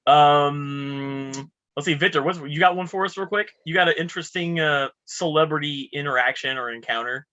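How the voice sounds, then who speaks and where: A man with a bright, forward voice, a bit higher than most, chats on a podcast. He teases his friends and keeps tossing in "dude". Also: moderate pace. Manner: joking, teasing, says "dude" often. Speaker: podcast co-host. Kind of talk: casual chat.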